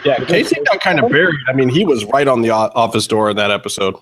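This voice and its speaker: A male podcast host chats casually over an internet call. He jokes and needles his co-hosts. His voice sits mid-range, and steady hiss and clicks run underneath him. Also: mid-range voice, fast talker. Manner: teasing, loose and profane.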